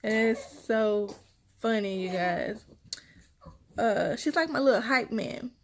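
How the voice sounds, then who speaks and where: A young woman and mother, casually telling her viewers a story in a chatty, animated way and repeating her phrases as she goes. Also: mid-range voice, slow pace. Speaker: mother vlogging about her kids.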